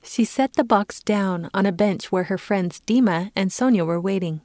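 A woman giving a calm, clear reading as the narrator of a children's story. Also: mid-range voice, moderate pace, no echo, clean studio sound.

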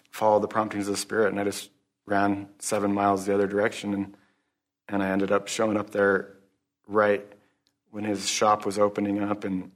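Man, low voice, monotone, halting, earnest testimony, recovery meeting. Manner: halting, earnest, restarts often; religious, closes in prayer. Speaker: speaker sharing at a recovery meeting. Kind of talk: personal testimony.

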